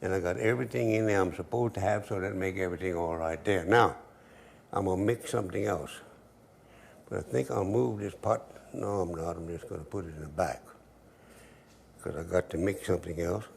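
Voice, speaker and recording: A man's voice: low-pitched, a little fast, gravelly, slight background noise. An older man hosting a cooking show, talking easygoing and joking as he cooks and tells stories. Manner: easygoing, joking, dialect grammar. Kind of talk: folksy cooking demonstration with storytelling.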